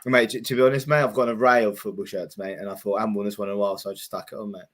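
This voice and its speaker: A man's voice: on the low side, steady tone, very fast. A man co-hosting a casual football comedy chat, full of matey banter and calling his partner "mate". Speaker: co-host.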